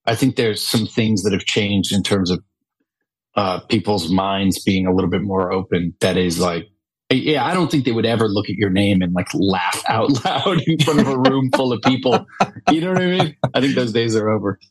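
A man from California, a guest actor, talking casually on a podcast and often pausing to search for words with many fillers. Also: lowish voice, expressive, slightly rough, dry recording, low-quality recording.

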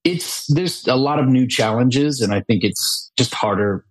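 A man from California, a guest actor, talking casually on a podcast and often pausing to search for words with many fillers. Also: mid-range voice, animated, breathy edge, no echo, low-quality recording.

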